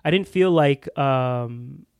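A man's voice: mid-range voice, takes it slowly, creaky, clear, resonant tone, no echo, studio quality. A young man co-hosting a podcast, telling a story in casual chat with lots of restarts and fillers. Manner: rambling with many restarts and fillers. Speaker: podcast co-host.

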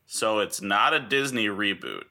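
A man co-hosting a podcast, telling rambling, animated stories in casual chat. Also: on the low side, measured pace, vocal fry. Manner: animated storyteller, rambling and jokey. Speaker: podcast co-host.

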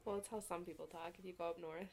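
Easygoing Minnesotan woman with vocal fry. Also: on the low side, fairly even intonation, fast, a little mellow. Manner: easygoing, giggly. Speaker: podcast co-host. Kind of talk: casual chat.

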